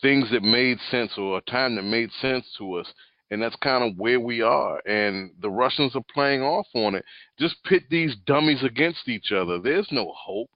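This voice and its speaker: A man's voice: mid-range voice, animated, moderate pace, dry recording. A man co-hosting a casual movie podcast, talking in a rambling, thoughtful way with many hesitations and restarts. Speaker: podcast co-host. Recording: dull, dry sound.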